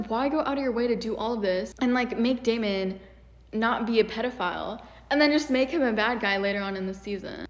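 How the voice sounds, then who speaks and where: Young woman, casual critique vlog, exasperated rant, higher voice, echoey room. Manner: animated, exasperated, many fillers. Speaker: YouTuber. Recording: echoey room with long reverb.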